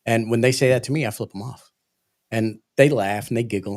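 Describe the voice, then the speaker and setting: Speaking a little fast in a mid-range, slightly mellow voice, a police training instructor gives an earnest livestream explanation of emotional regulation.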